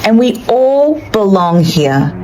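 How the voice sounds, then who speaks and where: A woman's voice: mid-range voice, very animated, takes it slowly, darkish tone, slight background noise, low-quality recording. A woman talking bluntly to camera in a social media video, swearing freely.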